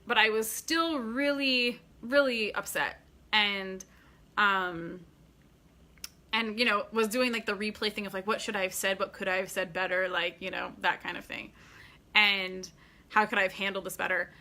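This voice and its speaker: A woman's voice: a little high, pushed and bright. A woman in her thirties telling a personal story to camera in a chatty, rambling way, full of fillers and frequent laughs. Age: 30s. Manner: chatty, many fillers and restarts; laughs often while talking. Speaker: vlogger.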